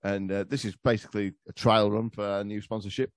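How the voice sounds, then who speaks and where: A man's voice: fairly low pitch, little pitch movement, fairly quick, few pauses, no echo, clean studio sound. A man, a podcast guest telling crude, swearing stories in casual comedy chat. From England. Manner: crude, swearing, laughing storyteller.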